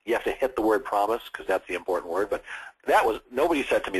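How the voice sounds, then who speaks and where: A man in his sixties, a sales trainer at a live seminar, lively and acting out firm phone calls as he teaches. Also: on the low side, fast talker, breathy edge, low-quality recording. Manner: energetic, acts out phone calls in firm and friendly tones.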